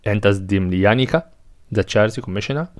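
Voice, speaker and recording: A man reading out stage directions and character names in a flat, matter-of-fact way. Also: lowish voice, a little fast. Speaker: reader.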